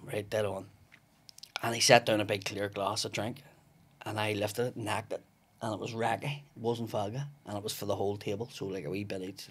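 A man telling a long story on a podcast, swearing freely and acting out the other people's lines. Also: fairly low pitch. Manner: profane, acts out the voices in his stories. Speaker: comedian guest. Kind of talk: casual storytelling. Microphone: studio podcast mic.

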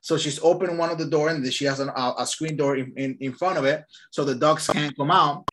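A man leading a casual online real estate training, telling lively stories in an upbeat way over a video call. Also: fairly high pitch, brisk.

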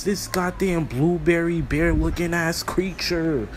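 A man's voice: on the high side, a little slow, few pauses, a little hiss or hum. A young man doing a profane comedic roast of cartoon characters, crude and mocking. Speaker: roast video host.

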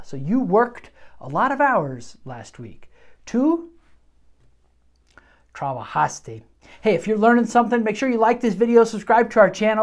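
A middle-aged woman teaching medical Spanish in an upbeat, chatty video lesson, checking in with "okay" often. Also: on the low side.

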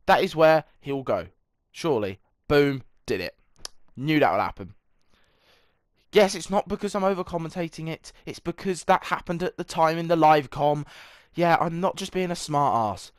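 This young man, a gaming video creator, talks through a football management game with self-mocking humor and bursts of fake match commentary. His pitch is fairly high, and there's no room sound.

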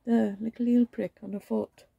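A woman talks to the camera while tending a reborn doll, her voice gravelly with a husky edge. She coos and baby-talks, then slips into gossipy stories, close to a dry, dead-sounding mic. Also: fairly high pitch, little pitch movement, moderate pace, dark tone, no room sound, highs cut off. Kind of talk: casual chat while dressing a doll.

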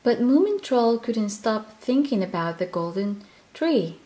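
Slow, gentle woman reading a children's story. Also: fairly high pitch, big pitch swings. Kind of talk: children's picture book read-aloud.

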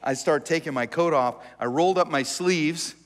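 A pastor preaching to his church, a man with a fairly high voice who tells the story with jokes and lots of animation. His voice rings out in a big sanctuary with a long reverb tail. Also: moderate pace. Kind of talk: conversational sermon.

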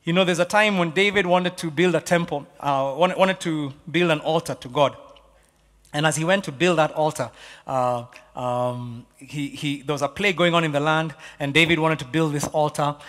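Male pastor from Kenya, fairly high voice, preaching in a big echoing church hall, hushed one moment and loud the next. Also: fairly even intonation, moderate pace. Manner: swings from hushed asides to loud exhortation. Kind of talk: sermon. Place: church auditorium. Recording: long reverb of a church hall.

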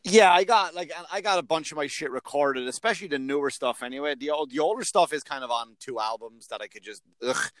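A man's voice: fairly high pitch, fairly quick, few pauses, a bit bright, dry recording. A man who is a comedian and podcast host, talking in a rambling, self-mocking way and swearing often in casual chat.

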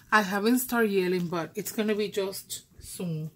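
Slow, gushing woman unboxing gifts. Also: medium pitch. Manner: gushing, exclaiming, hesitant with fillers. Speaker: crafting vlogger. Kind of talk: unboxing a gift swap.

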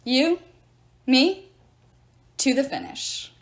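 A woman's voice: sits high, wildly swooping pitch, drawn-out words, full character voice. Woman reading as a determined teenage boy hero. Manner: determined, commanding.

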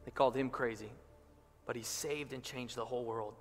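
A man preaching a sermon as pastor, impassioned, slowing down and rising for emphasis. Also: mid-range voice, steady tone. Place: church sanctuary. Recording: reverberant church hall with music behind.

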